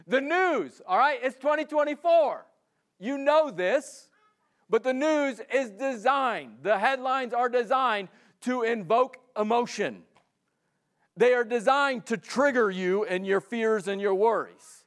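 A pastor preaching a sermon in a relaxed, conversational way, acting out the voices of the people in his stories. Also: extremely high pitch, measured pace.

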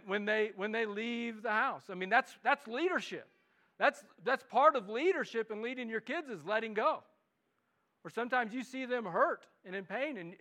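A man with a Midwestern American accent preaching an earnest sermon at a church service, repeating words and rising to loud pleas. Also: sits high. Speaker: pastor.

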